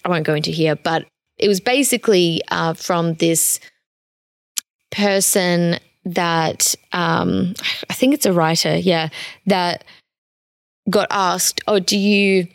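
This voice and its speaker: A woman's voice: fairly low pitch, fairly even intonation, slow, creaky, pauses often, no echo. Chatty woman coach, dry close sound. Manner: casual, chatty, emphatic, often restarting sentences. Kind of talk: motivational monologue.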